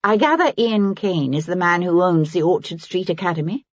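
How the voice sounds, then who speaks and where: A woman playing a proud, indignant gentlewoman. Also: on the low side, animated, normal speed, no echo, dull audio. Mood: insistent. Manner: haughty, insistent.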